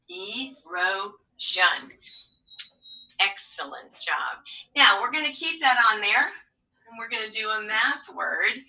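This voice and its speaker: Bright-voiced teacher, far from the mic. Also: female voice, mid-range voice. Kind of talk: remote phonics lesson.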